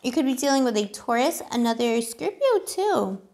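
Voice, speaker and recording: A woman's voice: sits high, big pitch swings, moderate pace, darkish tone. A woman giving a casual tarot reading, chatty and giggly, with lots of fillers. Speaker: tarot reader.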